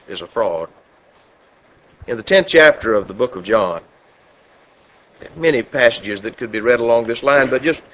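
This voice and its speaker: A man preaching a sermon, who gets loud and high when he quotes scripture and drops low and soft for his asides. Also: low-quality recording.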